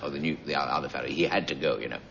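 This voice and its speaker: A man's voice: very deep voice, very fast, vocal fry. A man telling a rambling comic story, chatty and digressive, full of asides. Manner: digressive, chatty, peppered with 'you know'. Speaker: comedian. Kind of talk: rambling comic monologue on radio. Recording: dull lo-fi recording with loud noise.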